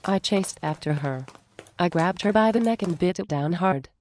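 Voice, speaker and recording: A woman reading a story aloud in a plain, steady way, close to a dry home mic. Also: on the low side, moderate pace, slight background noise.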